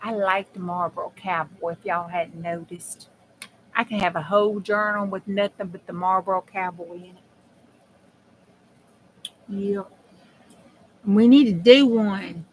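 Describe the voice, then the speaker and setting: In her crafting channel video, the host casually chats with viewers and herself in a folksy, homespun manner as she crafts. Her mid-range voice has fairly even intonation and a measured pace, and the poor audio carries slight background noise.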